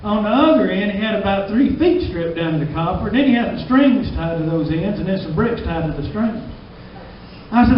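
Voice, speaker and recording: A man's voice: high voice, expressive, normal speed, a little hiss or hum. A man with a Southern US drawl doing a stand-up comedy set in a small club, laughing at his own jokes. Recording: distant, dull, echoey club recording.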